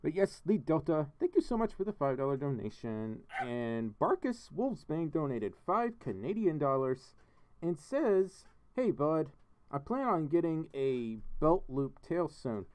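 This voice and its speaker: Lively, giggly man chatting on a livestream. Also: a little high, unhurried. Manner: chatty, giggly, reading donations and chat aloud. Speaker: livestream host. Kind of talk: casual livestream chat. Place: home studio.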